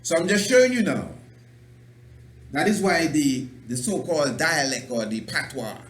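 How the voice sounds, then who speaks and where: A man from Antigua with an Antiguan accent, hosting a radio talk show in an emphatic, preachy monologue that restarts words and breaks into chuckles. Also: a little high. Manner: loose, repeats and restarts words. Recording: roomy echo, faint background noise.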